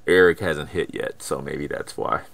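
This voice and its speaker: A man's voice: very deep voice, steady tone, normal speed, vocal fry, fairly bright tone. A man playing an online tabletop game, chatty and restarting his questions. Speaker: player. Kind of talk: casual tabletop play. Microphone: remote call microphone.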